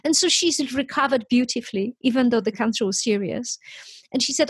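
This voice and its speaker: A woman telling stories in conversation, animated and quoting other people, with frequent restarts. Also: on the high side, brisk, husky, dry recording. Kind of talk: conversational storytelling.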